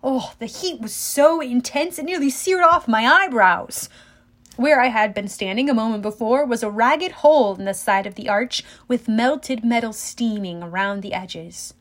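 A woman reading a first-person adventure novel aloud in an expressive, dramatic way. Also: fairly high pitch, normal speed. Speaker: audiobook reader.

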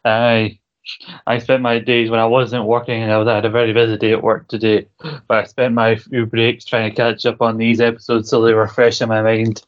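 A man's voice: mid-range voice, completely flat delivery, moderate pace, muffled recording. A man co-hosting a podcast, rambling in casual chat, laughing often and swearing casually. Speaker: podcast co-host. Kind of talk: casual chat about a TV show.

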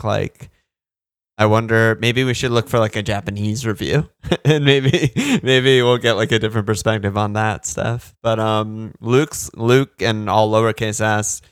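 Smooth-voiced, loose-talking podcast host. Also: male voice, on the low side, no room sound, studio quality. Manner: rambling, loose, swears often, lots of fillers. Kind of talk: casual chat.

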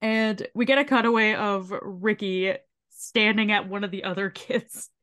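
A woman's voice: mid-range voice, measured pace. Woman co-host recapping an episode. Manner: swearing, laughing, animated retelling. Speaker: podcast co-host.

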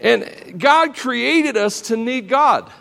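A middle-aged man preaches in a church, his high voice cracking a little as he jokes and speaks straight to the families in front of him. His delivery is folksy and conversational. A long reverb from the large hall trails behind his words. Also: expressive, takes it slowly, creaky, pushed and bright. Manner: folksy, joking, addresses the congregation and children directly. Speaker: pastor. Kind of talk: sermon. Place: church sanctuary.

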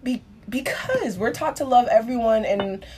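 A young woman in her teens, talking in a casual discussion with quick, animated delivery, often slipping into mimicry of other people. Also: on the high side, slight background noise. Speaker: guest.

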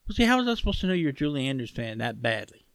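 A man's voice: mid-range voice, big pitch swings, very fast, dry recording. A man co-hosting a casual podcast chat, stubborn and sarcastic, who swears freely and argues for fun. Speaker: podcast co-host.

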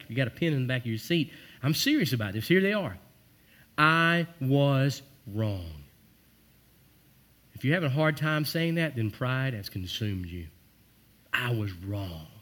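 A man preaching a sermon as pastor, earnest and emphatic, dropping soft and low for heartfelt lines.

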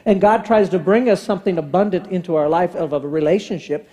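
A man's voice: high-pitched, brisk, warm tone. A man in his fifties, a pastor telling a comic story in a sermon and acting out the dialogue with sound effects. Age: 50s. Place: church sanctuary. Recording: long church hall reverb.

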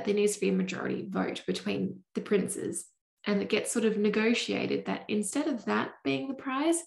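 A woman's voice: medium pitch, creaky. A woman co-hosting a podcast, retelling a book plot in a laid-back, casually profane way. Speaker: podcast co-host. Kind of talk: casual book-recap chat. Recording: roomy echo.

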